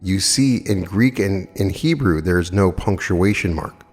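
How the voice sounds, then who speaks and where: Deep-voiced man in his fifties lecturing. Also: a little slow, big-room sound, soft background music. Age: 50s. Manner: earnest, emphatic storytelling with rhetorical questions. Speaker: metaphysical lecturer. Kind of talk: spiritual lecture with anecdotes.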